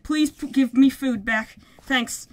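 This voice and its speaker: A woman giving excitable, yelping play-by-play commentary on a survival game session, often laughing at her own bad plan. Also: high voice, slow. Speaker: gaming video creator. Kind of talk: Minecraft let's play commentary.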